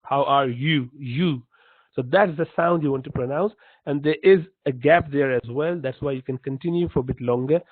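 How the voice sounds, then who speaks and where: A man teaching pronunciation in a slow, patient lesson, repeating each sound to demonstrate it. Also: mid-range voice, no room sound. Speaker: Quran recitation teacher. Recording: dry, tinny phone-like line.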